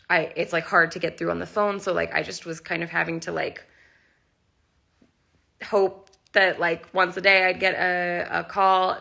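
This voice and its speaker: Gravelly-voiced young woman, near tears. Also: fairly low pitch, bright, forceful tone. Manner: emotional, rambling, heavy use of "like". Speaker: animal rescuer and channel host. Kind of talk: casual live-stream chat. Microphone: phone.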